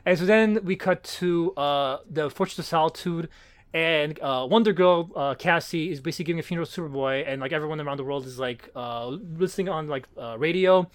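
A man with a high voice tells the story of a comic issue at a quick clip, tripping over his own words as he goes. He fills the gaps with lots of "uh" and "like" and keeps starting over in a loose, casual podcast chat. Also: clean tone. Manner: rambling, many fillers and restarts. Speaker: podcast co-host. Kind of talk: casual comic book discussion.

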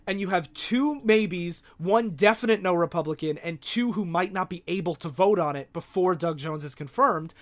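A man's voice: high voice, normal speed, hardly any pauses. A man co-hosting a casual political chat, earnest and building his argument step by step. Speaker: podcast co-host.

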